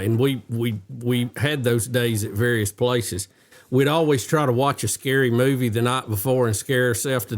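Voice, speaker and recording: Relaxed male host ribbing an old friend. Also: mid-range voice. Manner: chuckling, teasing follow-up questions. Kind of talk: casual chat.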